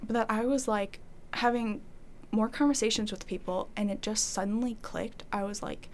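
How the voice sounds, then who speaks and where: A woman's voice: mid-range voice, normal speed, slight background noise. A young woman telling her faith story in a casual, rambling way, full of "like" fillers, often acting out her past thoughts. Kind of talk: casual testimony conversation.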